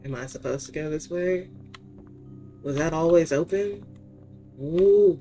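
A woman's voice: deep voice, a little slow, mellow, faint music behind. A woman streamer commenting casually on a horror game, reacting with frustration and panicked repetition. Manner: reactive, exasperated, repeats herself in panic. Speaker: gaming streamer.

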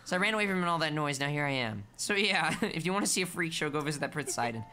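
A streamer voicing a boastful male fish-folk peddler in a video game, cocky and gossipy, with lively swings of pitch over game music. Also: rapid-fire.

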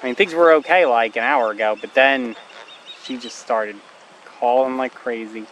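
A man filming wildlife outdoors by a marsh, musing aloud and soothing a bird in a gentle, coaxing way. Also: mid-range voice, normal speed, low-quality recording. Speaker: wildlife videographer. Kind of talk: casual narration while filming. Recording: outdoor wind and ambient noise. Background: wind, birds and passing vehicles.

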